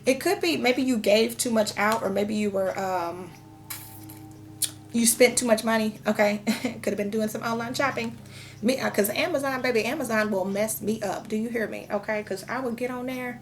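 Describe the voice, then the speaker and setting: A woman's voice: a little high, moderate pace. A woman in her thirties giving a casual tarot reading, talking frankly and chatting with lots of fillers. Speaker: tarot reader.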